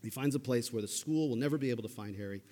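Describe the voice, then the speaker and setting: A man's voice: mid-range voice, very fast, mellow, in a large hall. A man preaching a sermon in a conversational way, retelling a story and checking in with his listeners. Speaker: pastor.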